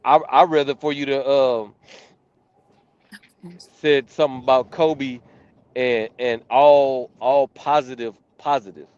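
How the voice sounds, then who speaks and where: A man's voice: mid-range voice, steady tone, takes it slowly, long pauses, darkish tone, smooth, dry recording. Hesitant man judge, dry dull sound. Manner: hesitant, searching for words. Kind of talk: casual chat.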